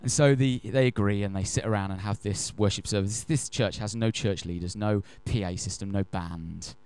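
A man preaching a sermon. He tells stories in an animated, emphatic way and slows down to stress key phrases. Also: fairly low pitch, smooth. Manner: animated, emphatic storyteller who acts out quotes. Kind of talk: sermon with storytelling.

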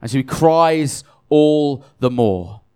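A man's voice: medium pitch, lively intonation, takes it slowly, mellow, clear, resonant tone. A tired man preaching a conversational sermon, self-deprecating and chatty, often restarting his sentences.

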